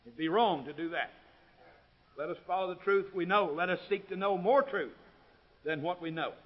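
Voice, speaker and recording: A man preaches in a high voice, building phrase by phrase to loud, ringing peaks before sinking back to a low, quiet tone. The recording sounds dull and lo-fi, like an old tape of a church service. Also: normal speed. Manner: swells to loud, ringing climaxes, then drops low and quiet. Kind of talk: sermon.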